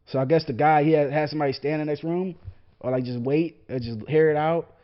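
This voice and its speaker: A young man with a fairly high voice, rambling through a profane, laugh-filled podcast rant. He swears constantly and keeps losing his train of thought as he jumps between tangents. The audio is dull and lo-fi. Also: steady tone, fast talker. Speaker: podcast host. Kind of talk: casual ranting podcast monologue.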